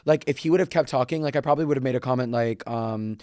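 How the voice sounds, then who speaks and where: A young man chats as a podcast guest in a laid-back, sassy way, filling his talk with "like" and "um". His voice sits at a middling male pitch and sounds dry and close. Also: fast talker, mellow, no echo. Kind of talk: casual chat.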